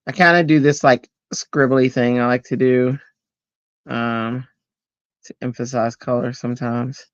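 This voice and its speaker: A man's voice: mid-range voice, flat delivery, unhurried, no echo, lo-fi sound. A man, chatting casually and rambling with lots of fillers while he makes cards on a livestream at home. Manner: chatty, rambling, greets viewers, many fillers. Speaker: card-making livestream host.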